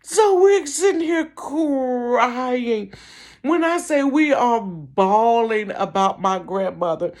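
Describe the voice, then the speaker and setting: High woman vlogger, animated storyteller, laughs through her lines, bedroom recording. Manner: animated, laughing, big swings in pitch. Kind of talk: storytime vlog.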